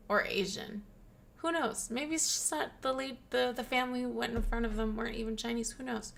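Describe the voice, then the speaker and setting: A woman hosting a casual chat, reacting with exclamations and quick opinions. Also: fairly high pitch, fairly even intonation, gravelly, fairly bright tone. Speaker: podcast host.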